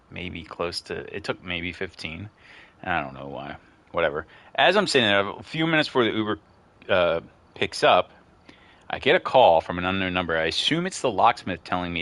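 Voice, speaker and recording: Low, bright-voiced man telling a rambling story. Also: no room sound. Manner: rambling, excitable storyteller who gets worked up. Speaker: gaming streamer. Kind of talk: casual gameplay commentary with storytelling.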